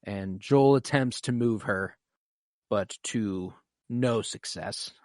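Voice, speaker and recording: A man's voice: fairly low pitch, slow pace, no echo, studio quality. A man co-hosting a podcast, recapping a TV episode in casual chat and swearing often as he acts out scenes. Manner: animated, swears a lot, acts out scenes emotionally. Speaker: podcast co-host.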